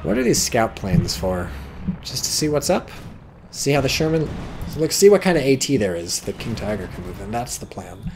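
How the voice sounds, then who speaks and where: A man with an American accent giving casual play-by-play commentary on a strategy game, excitable, swearing and yelping at big plays. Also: medium pitch, moderate pace, noisy background.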